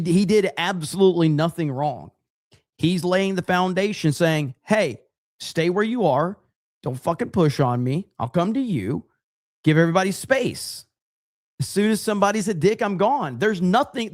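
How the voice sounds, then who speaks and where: A man's voice: a little high, a little mellow, no echo, studio quality. Blunt, profane man talking casually. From United States. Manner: reads donor names and thanks them. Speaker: podcast host. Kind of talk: casual chat reacting to clips.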